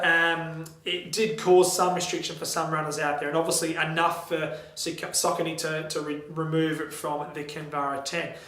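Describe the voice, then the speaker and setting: A man's voice: a little high, fairly bright tone. A man with an Australian accent giving a candid, friendly running shoe review to camera, with frequent ums and restarts. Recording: echoey room.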